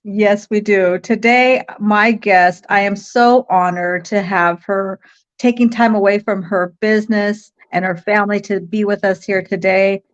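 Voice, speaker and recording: A woman hosting a live online talk show, bubbly and quick to laugh as she introduces her guest. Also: medium pitch, steady tone, highs cut off. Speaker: host. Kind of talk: enthusiastic livestream chat.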